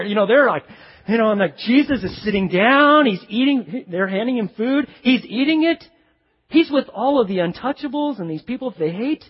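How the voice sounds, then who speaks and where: A male pastor preaching a sermon in a lively, conversational way with frequent asides to the congregation. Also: high-pitched, a little fast, breathy edge, big-room sound, lo-fi sound.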